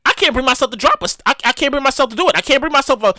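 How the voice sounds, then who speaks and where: A woman hosting a podcast, ranting casually about the news, animated and profane with loud exclamations. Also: high-pitched, racing, no echo, clean studio sound. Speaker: podcast host. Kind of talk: casual comedic news rant.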